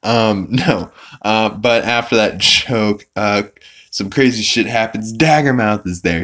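Man host, deep voice, rambling profane recap, lots of fillers. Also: fairly bright tone. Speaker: podcast host. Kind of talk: casual episode recap.

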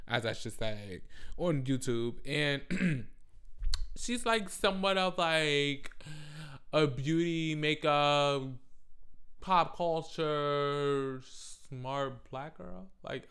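A man with a fairly high, smooth, resonant voice rants to camera about pop culture, cursing freely and swinging from muttered asides to loud outrage. The delivery is animated and unfiltered. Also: takes it slowly. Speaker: vlogger. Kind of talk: profane pop-culture rant.

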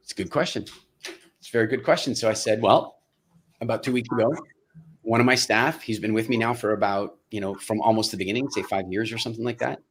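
A middle-aged man with a North American accent telling a story as a podcast guest, quick and full of restarts and acted-out dialogue. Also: lowish voice, husky. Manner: fast, restarts phrases, acts out dialogue. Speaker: guest entrepreneur. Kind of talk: animated storytelling in a podcast interview.

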